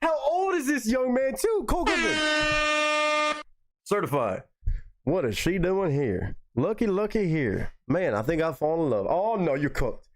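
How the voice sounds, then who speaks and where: Excitable swearing man reacting to music. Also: fairly high pitch, moderate pace. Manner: excitable, profane, repeats lines in disbelief.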